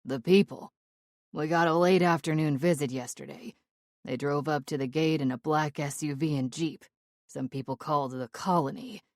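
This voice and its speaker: A woman's voice: low-pitched, steady tone, normal speed, a little mellow, no echo, clean studio sound. A woman reading the lines of a cautious, friendly male survivor talking over a radio in an audiobook. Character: middle-aged male survivor on a radio, guarded. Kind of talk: audiobook character voice.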